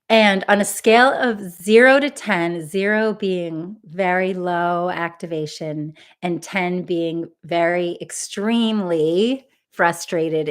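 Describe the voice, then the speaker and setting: A woman with a lowish voice leads a live EFT tapping session. She speaks gently and encouragingly, repeating affirmations for listeners to say along with her.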